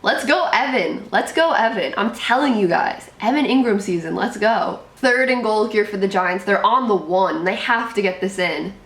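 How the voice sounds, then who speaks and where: A woman's voice: medium pitch, expressive, normal speed, hardly any pauses, a bit bright, roomy sound. A young woman hosting a live reaction to a football game, anxious and exclaiming, often repeating herself. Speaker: sports channel host reacting live.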